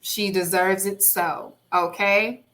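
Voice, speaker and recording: A woman's voice: mid-range voice, steady tone, slow pace, a bit bright. A young woman hosting a podcast, announcing award winners in playful, casual chat. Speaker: podcast host.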